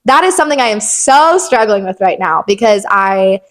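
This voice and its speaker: A woman's voice: mid-range voice, animated, normal speed. A young woman hosting a faith podcast, talking earnestly in a rambling way with lots of filler words. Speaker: podcast host. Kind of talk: casual faith podcast chat.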